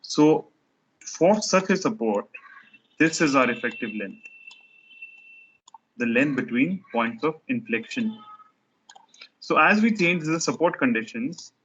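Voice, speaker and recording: A man's voice: mid-range voice, a bit bright, husky, dull audio. A man teaching a structures lecture, explaining step by step while he sketches diagrams, often restarting his sentences.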